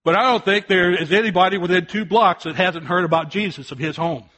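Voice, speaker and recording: An older man preaching a sermon, telling a folksy family story and swinging from loud shouted warnings to soft, quiet appeals. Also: sits high, a little fast.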